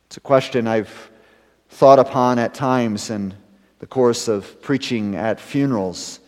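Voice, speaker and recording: A man preaching a sermon as pastor, building to emphatic rises and then dropping to hushed, serious lines. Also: mid-range voice, measured pace. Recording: long hall reverb.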